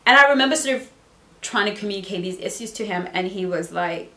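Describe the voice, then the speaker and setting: A woman's voice: medium pitch, lively intonation, fast talker, pushed and bright. A woman dating coach talks with playful emphasis in a mid-range voice and repeats phrases to drive her points home. She is from Southern Africa. Her voice bounces around a roomy, echoey space. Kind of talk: motivational advice video. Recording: roomy echo.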